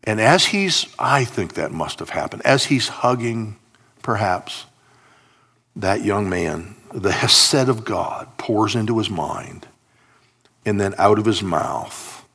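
Lower-voiced man preaching a sermon. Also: slow, gravelly, slightly rough. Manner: expressive storytelling, acting out quotes with sarcasm.

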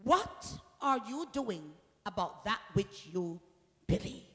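A woman preacher giving a sermon in call-and-response style. She drives the congregation with repeated questions and builds to shouted peaks. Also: mid-range voice, very animated, takes it slowly. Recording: long reverb of a large hall.

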